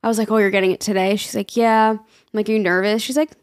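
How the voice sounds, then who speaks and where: Speaking fast in a mid-range voice, a young woman co-hosts a podcast and recounts a story in casual chat. She stays animated throughout, voicing the people she quotes loudly and laughing frequently.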